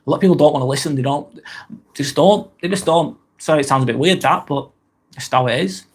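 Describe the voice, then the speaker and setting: This British man hosts a live vlog in a slightly high, breathy voice at a quick pace. He chats casually, reads viewer comments aloud, wanders off on tangents, and swears freely.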